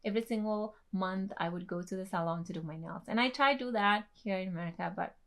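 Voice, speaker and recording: A young adult woman, a native Tetum speaker, chatting excitedly through an unboxing vlog with lots of gushing and laughs. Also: medium pitch, fast talker. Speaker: beauty vlogger.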